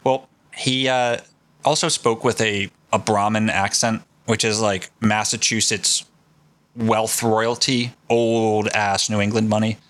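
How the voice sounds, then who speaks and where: A man hosting a podcast, telling a story in casual, profane and excited chat. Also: lowish voice, takes it slowly, dry recording. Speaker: podcast host.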